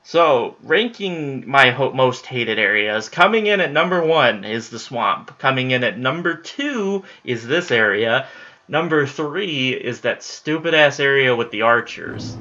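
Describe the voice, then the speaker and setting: A man's voice: mid-range voice, lively intonation, unhurried, pushed and bright, muffled recording. A man giving live gameplay commentary, exasperated and profane, talking back at enemies as he plays. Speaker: let's play gamer.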